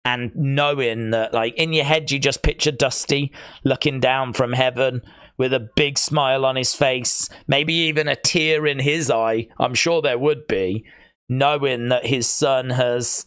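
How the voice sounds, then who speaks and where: Brief: male stream host, rambling and excitable, smooth resonant voice on a dry close mic. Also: medium pitch, unhurried, no echo. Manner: excitable, rambling, answers chat messages. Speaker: live stream watch-along host. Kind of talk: casual live-stream chat.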